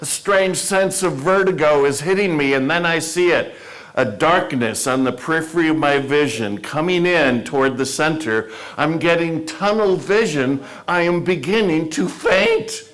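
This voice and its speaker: A man's voice: a little high, fairly bright tone. A man giving a humorous, self-deprecating storytelling talk to a club audience in a meeting room. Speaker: motivational speaker.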